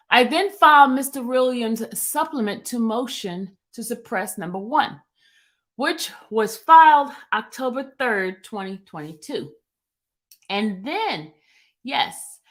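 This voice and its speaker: A woman reading as a formal male defense lawyer. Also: on the high side. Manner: formal, deferential to the court.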